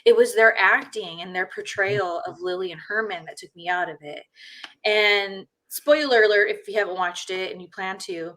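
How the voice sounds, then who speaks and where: Woman podcast host, mid-pitched, blunt and rambling, loose casual chat. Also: normal speed, fairly bright tone. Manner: blunt, rambling, many fillers.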